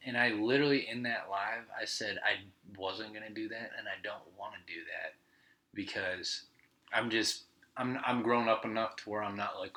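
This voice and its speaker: A man's voice: lowish voice, normal speed, pushed and bright, rough recording. Profane ranting male podcast host. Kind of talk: casual rambling monologue.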